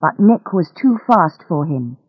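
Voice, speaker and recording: A woman reading a graded-reader story aloud in a slow, careful, clear way. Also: sits low, very animated, no room sound, dull audio. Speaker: narrator. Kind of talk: graded-reader audiobook narration.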